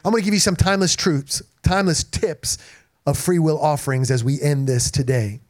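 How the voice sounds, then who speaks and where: Male pastor, energetic sermon delivery with congregation call-outs, voice on the higher side. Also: brisk. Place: church in front of a congregation.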